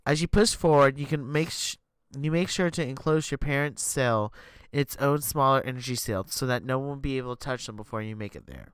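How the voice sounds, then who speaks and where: A man streaming live, reading an interactive story aloud in an animated way and tripping over words. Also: medium pitch, a little fast, clear, resonant tone, no echo.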